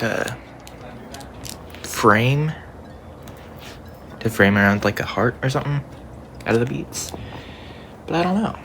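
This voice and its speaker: A man's voice: mid-range voice, fairly bright tone, slight background noise. A man chatting casually at home, hesitant and trailing off with ums. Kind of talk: casual vlog chat.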